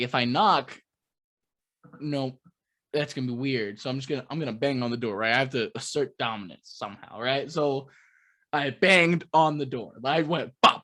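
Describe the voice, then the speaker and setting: A man's voice: mid-range voice, fairly bright tone. A man hosting a podcast, casually telling a story and swearing freely. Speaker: podcast host. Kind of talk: casual chat.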